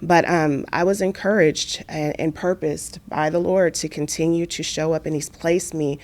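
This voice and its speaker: A woman's voice: low-pitched, normal speed. A woman from Kansas, an entrepreneur and author, speaking earnestly as an interview guest about her work and faith. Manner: earnest, testimonial, animated when retelling stories. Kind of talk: reflective conversational interview.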